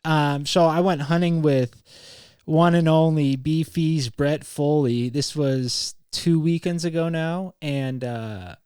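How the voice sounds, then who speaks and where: A man's voice: a little high, slow pace, a little mellow, clean tone, dry recording, clean studio sound. A young man from California hosting a podcast, telling a long casual story full of swearing, "like" and acted-out quotes. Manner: rambling, profane, fond of "like" and quoting people mid-story. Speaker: podcast host.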